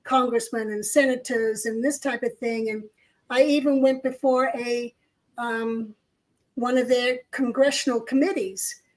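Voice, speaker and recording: A woman's voice: a little high, steady tone, measured pace, poor audio. An older woman co-hosting a casual discussion, telling stories in an earnest way. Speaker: co-host. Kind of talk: casual chat.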